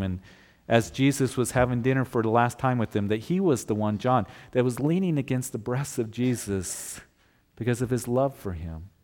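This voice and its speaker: A man's voice: mid-range voice, darkish tone. A male pastor preaching a sermon in a conversational way, asking his listeners rhetorical questions.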